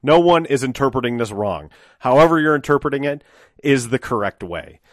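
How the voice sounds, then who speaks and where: A man's voice: medium pitch, animated, brisk. A man talking in a casual solo monologue as a podcast host, chatty and joking with casual swearing.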